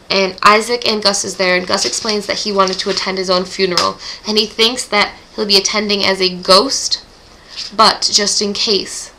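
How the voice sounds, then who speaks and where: A woman's voice: mid-range voice, gravelly, bright, forceful tone, rough recording. A teenage girl recapping book chapters in a casual vlog, gushing and emotional, with groaning sighs. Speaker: book club vlogger.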